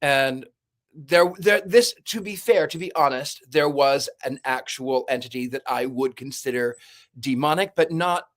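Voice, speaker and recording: A man who works as a paranormal investigator and medium, telling lively stories in a casual podcast chat. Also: medium pitch, a little slow. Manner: animated storyteller, acts out voices and screams.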